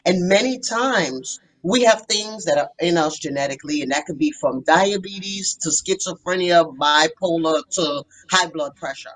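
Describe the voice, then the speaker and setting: A woman's voice: on the low side, moderate pace, hardly any pauses, poor audio. A woman therapist telling her story as a podcast guest, earnest and emphatic. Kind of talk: podcast interview.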